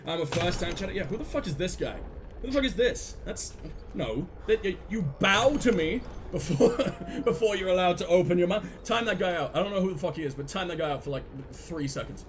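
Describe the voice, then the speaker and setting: High-voiced, crude, joking male streamer. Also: lively intonation, fairly quick, background noise. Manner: crude, joking banter with chat. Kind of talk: live-stream game commentary.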